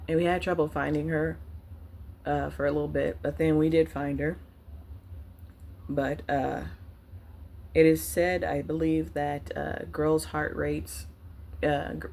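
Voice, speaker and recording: A woman vlogger telling a personal story to the camera, candid and halting, with many fillers, at times choked up. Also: deep voice, creaky, darkish tone, slight background noise. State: choked up, near tears.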